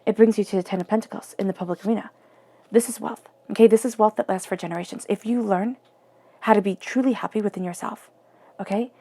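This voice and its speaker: An earnest woman gives a spoken tarot reading in a warm, gravelly voice. She keeps her delivery intimate and often sinks into a soft near-whisper. Her voice sits in an ordinary middle pitch for a woman. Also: fairly even intonation, quick pace. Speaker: tarot reader.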